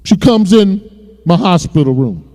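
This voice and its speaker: A man's voice: high voice, expressive, a little slow, mellow, big-room sound. A man preaching, telling his own story with emotion and repeated words. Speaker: pastor. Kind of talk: sermon testimony. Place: church sanctuary.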